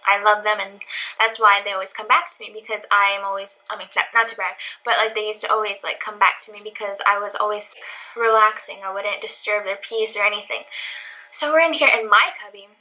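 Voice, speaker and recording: A woman's voice: mid-range voice, steady tone, a little fast, bright, forceful tone, low-quality recording. A young woman vlogger telling a casual storytime, chatty and full of "like", recorded at home on a camera mic. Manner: chatty, heavy use of "like".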